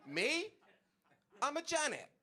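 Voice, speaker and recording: A young man doing a stand-up comedy set on stage, telling a story with animated delivery and acted-out dialogue. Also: very high-pitched, takes it slowly, a faint crowd. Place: comedy stage before an audience.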